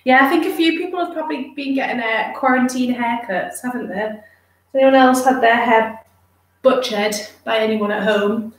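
A woman's voice: on the high side, moderate pace. A woman streaming casually while grooming her dog, chatting with viewers and cooing baby talk to the dog. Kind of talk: casual live chat with viewers. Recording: roomy, distant from the mic.

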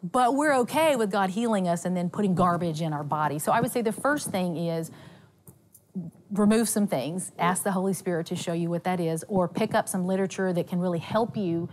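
Southern lady guest, kinda low voice, chatty, acts out little quotes, faint hiss. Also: fairly quick. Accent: Southern American. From Nashville, USA. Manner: animated storytelling with quoted voices. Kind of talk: casual chat about faith and health.

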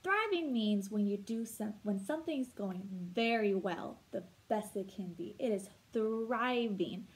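A woman teacher explaining vocabulary words slowly and clearly, asking her listeners questions as she goes. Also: mid-range voice, animated, low-quality recording. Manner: slow, clear teacher talk with rhetorical questions. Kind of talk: read-aloud vocabulary lesson.

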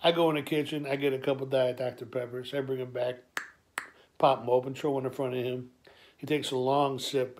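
A man with a gravelly voice, telling an improvised comic story in a rambling, folksy way, full of halting restarts. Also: medium pitch, level tone. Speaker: improv monologuist. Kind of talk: improvised comedic monologue.

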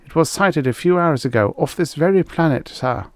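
Man doing a jittery deferential officer, much higher. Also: lively intonation, moderate pace, dry recording. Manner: nervous, respectful, saying sir. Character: deferential high-ranking male military officer.

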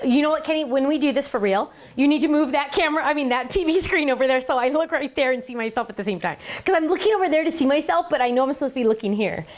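A woman's voice: high voice, animated, racing, few pauses. A middle-aged woman hosting a casual live stream, chatty and gushing, often laughing and talking aside to the person behind the camera. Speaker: live stream host showing handmade cards.

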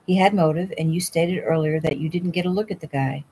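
A woman voicing a protective, quick-tempered middle-aged father in a storybook, blunt and gruff. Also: sits low, warm tone, slight background noise, low-quality recording. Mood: angry, gruff.

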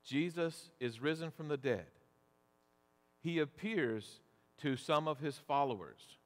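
A man preaching a sermon as pastor, deliberate and measured, asking rhetorical questions. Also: on the high side, expressive. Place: church sanctuary. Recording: long church reverb.

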